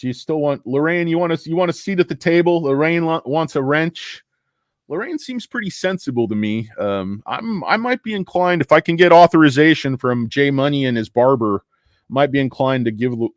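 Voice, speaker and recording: A man hosting a casual stock livestream, rambling between market talk and viewer shout-outs. His pitch swings widely as he jokes and swears. The sound is dry and close. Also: dry recording. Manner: rambling, profane, joking.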